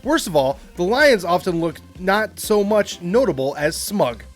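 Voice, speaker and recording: A man's voice: sits high, sing-song, unhurried, faint music behind. A man hosting a movie trivia podcast, reading quotes aloud and adding casual asides. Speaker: quiz podcast host.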